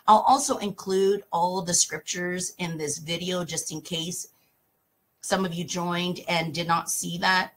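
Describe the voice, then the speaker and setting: A woman's voice: fairly low pitch, fairly even intonation, a little slow, a little hiss or hum. A woman talk show host, speaking emphatically and passionately in casual talk about scripture and reading verses aloud.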